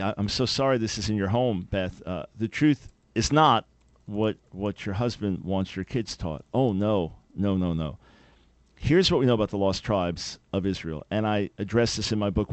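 A man's voice: fairly low pitch, no echo. A man hosting a call-in radio talk show, answering listener questions in an earnest, explanatory and emphatic way.

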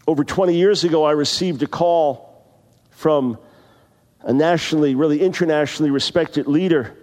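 A man of about sixty delivers a sermon from the pulpit, with a voice pitched somewhat high for a man. He moves between loose personal anecdotes and slow, emphatic scripture reading. Long reverb from a large hall trails after his words. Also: a little mellow. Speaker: preacher.

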